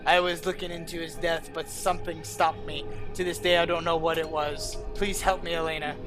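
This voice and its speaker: A man's voice: a little high, little pitch movement, a little fast, over music, close to an everyday voice. A man reading the lines of a grieving ghostly wife in a game, in a pleading, mournful way.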